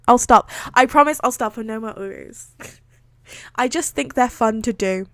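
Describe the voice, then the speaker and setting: A woman's voice: on the high side, a little slow, long pauses, fairly bright tone, no room sound. A woman streamer reading fan fiction aloud on a live stream, giggling and breaking off to react. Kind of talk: live-stream read-aloud with chatty asides.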